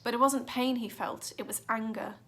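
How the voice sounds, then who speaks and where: A woman's voice: fairly high pitch, fairly even intonation, normal speed, a bit bright. A woman reading a children's adventure book aloud with dramatic expression. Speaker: narrator. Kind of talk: storybook reading.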